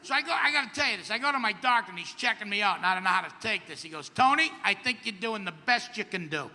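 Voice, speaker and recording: Middle-aged guy doing standup, wry self-mocking jokes, high sharp voice, echoey live mic. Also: expressive, quick pace, slight background noise. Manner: wry, self-deprecating, punchy delivery. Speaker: stand-up comedian. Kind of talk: stand-up comedy set. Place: outdoor comedy stage at a camp festival.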